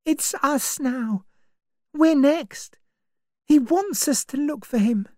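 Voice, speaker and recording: A woman's voice: high-pitched, slow, darkish tone, no echo, clean studio sound, pitched above the performer's own voice. A woman voicing a frightened young woman in an audiobook reading, speaking anxiously and pleadingly. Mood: urgent. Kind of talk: storybook reading.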